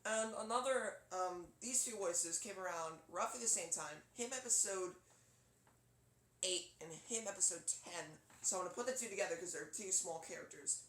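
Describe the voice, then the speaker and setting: A man's voice: high voice, normal speed, a bit bright, a little hiss or hum. A young man rambling casually as he demos his character voices. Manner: rambling, chatty, laughs easily. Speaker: voice actor vlogger. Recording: echoey room.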